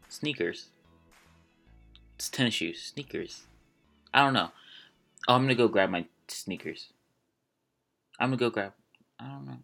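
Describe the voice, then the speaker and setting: A man's voice: fairly low pitch, vocal fry, fairly bright tone. A young man hosting a casual vlog, chatty and rambling, laughing at himself as he goes. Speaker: vlog host. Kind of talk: casual solo vlog chat.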